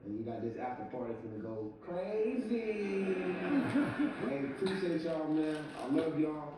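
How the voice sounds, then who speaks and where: A man's voice: fairly high pitch, expressive, unhurried, very noisy. A young man giving a heartfelt, thankful acceptance speech, heard from a broadcast. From southern US. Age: young adult. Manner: heartfelt, thankful, emotional address. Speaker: award winner. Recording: echoey hall from far off, broadcast.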